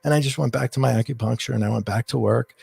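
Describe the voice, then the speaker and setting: A middle-aged man, a guest coach and author, telling a personal story in a rambling, animated way with frequent restarts. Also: medium pitch, quick pace, creaky, slightly rough, no echo. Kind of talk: storytelling in an interview.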